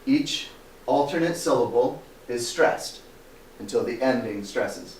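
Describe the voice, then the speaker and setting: A man's voice: medium pitch, sing-song, slow pace, pauses often, a little mellow. A male teacher lecturing a class, explaining step by step and quizzing students as he goes. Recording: roomy classroom, mic far off, faint background noise.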